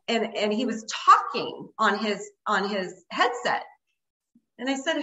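A woman's voice: medium pitch, slow, sharp tone, roomy sound, poor audio. A woman guest telling a story in casual conversation, rambling with lots of fillers. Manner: rambling, many fillers like "like" and "you know". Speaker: interview guest.

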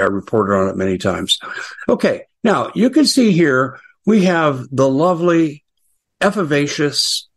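A man's voice: medium pitch, creaky, a bit bright, breathy edge. A middle-aged American man hosting a casual political commentary show, chatty and sarcastic with frequent asides.

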